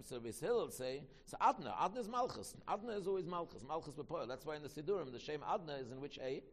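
A man teaching a Torah class, talking quickly, repeating himself and restarting phrases. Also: fairly high pitch, in a large hall, slight background noise. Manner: quick, repetitive, with many restarts.

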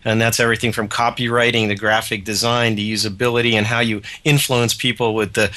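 A man interviewed as a radio guest, chairing a conference, brisk and self-deprecating as he lists his points. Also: mid-range voice, sharp tone.

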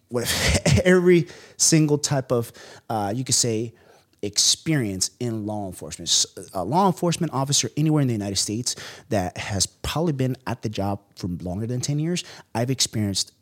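A man in his thirties from the Bay Area, telling stories from his past as a guest in a podcast interview, animated and full of slang. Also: mid-range voice, normal speed. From Bay Area, California. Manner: animated storytelling with slang and laughs. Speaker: guest, business owner and former police officer.

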